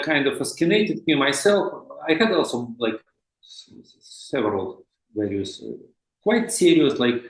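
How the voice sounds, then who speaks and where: Russian-accented man in an echoey room. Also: mid-range voice. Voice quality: hesitant, many fillers and restarts. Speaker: guest expert. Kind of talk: podcast interview.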